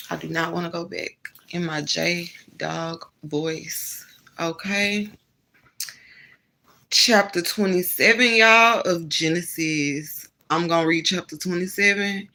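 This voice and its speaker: A woman with a fairly low, creaky voice hosts an online Bible reading stream over a rough recording. She chats casually with viewers and laughs easily, then reads scripture aloud with louder emphasis.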